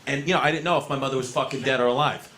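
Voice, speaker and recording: A man's voice: medium pitch, fairly even intonation, racing, sharp tone. A male stand-up comedian in his thirties with a New York accent, telling a brash, profane, self-mocking story in a rambling rush. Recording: comedy club set with audience noise.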